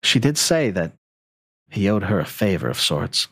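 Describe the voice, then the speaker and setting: A man narrating as game master of a tabletop game, in an expressive, dramatic way. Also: low-pitched, normal speed, gravelly, slightly rough, no room sound, clean studio sound.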